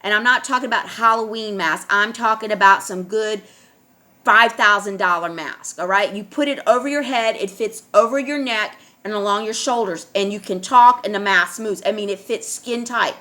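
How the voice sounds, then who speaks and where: Middle-aged woman, solo vlogger, insistent, mid-pitched, keeps nudging her audience. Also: moderate pace, sharp tone. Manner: insistent, keeps repeating "all right?". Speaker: online video host. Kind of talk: casual monologue to camera.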